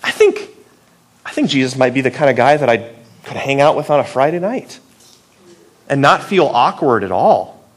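A man's voice: mid-range voice, expressive, moderate pace, pauses often. A man preaching a sermon in a playful, conversational way, asking the listeners many rhetorical questions. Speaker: pastor.

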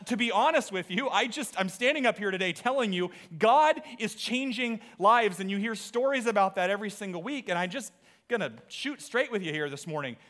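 A man preaching as a pastor in a church service, earnest and animated, with repeated phrases. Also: sits high. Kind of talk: sermon. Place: church auditorium.

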